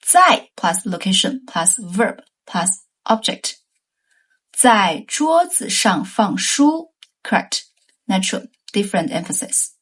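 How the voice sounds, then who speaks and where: A woman teaching Chinese grammar in a scripted lesson, reading example sentences slowly and carefully. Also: mid-range voice, a bit bright, slightly rough.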